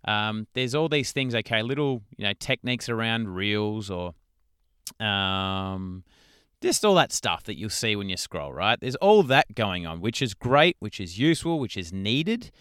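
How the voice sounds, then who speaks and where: A man's voice: lowish voice, expressive, unhurried, fairly bright tone, clean tone, no echo, studio quality. A man hosting a podcast as a coach, talking casually and conversationally and often checking in with the listener. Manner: conversational, frequent "right?" check-ins. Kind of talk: casual solo podcast talk.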